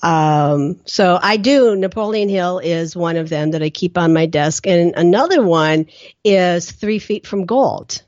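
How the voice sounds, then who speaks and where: A middle-aged woman speaking as a guest on a podcast, animated and storytelling, acting out her quoted lines with laughter. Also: lowish voice, a little slow, dry recording. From Pennsylvania, US. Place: her home office. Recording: dry, slightly dull sound.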